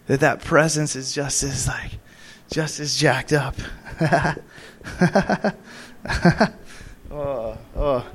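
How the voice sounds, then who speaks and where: A young man preaching a charismatic sermon in a church room, rambling with many fillers, breaking into laughs and sudden high whoops.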